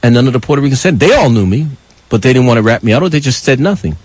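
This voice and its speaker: Husky older man telling stories on radio. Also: medium pitch, racing, no room sound, rough recording. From New York. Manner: passionate, animated storyteller with wide swings. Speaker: radio talk show co-host. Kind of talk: live call-in radio storytelling.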